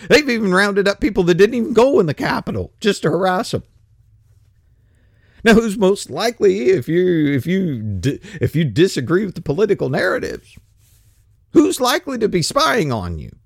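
Male radio host, ranting and sarcastic, dry close-miked sound, lively pitch jumps. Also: normal speed, creaky, slightly rough, no echo. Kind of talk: solo political commentary.

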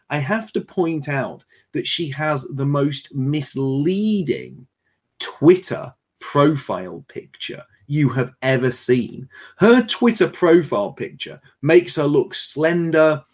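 A man hosting a livestream panel chat, reading viewer messages aloud with animated energy and frequent laughter. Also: fairly high pitch. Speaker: host.

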